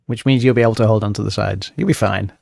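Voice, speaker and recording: A man's voice: on the low side, fast talker, creaky, a little mellow, dry recording. A man joining a casual livestream as a guest, easygoing and laughing along. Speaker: guest co-streamer.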